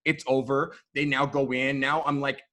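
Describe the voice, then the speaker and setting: A man telling stories about his photography work in a casual, animated way, swearing freely and acting out what people said. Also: medium pitch, normal speed. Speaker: photographer guest. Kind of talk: casual storytelling. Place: podcast studio.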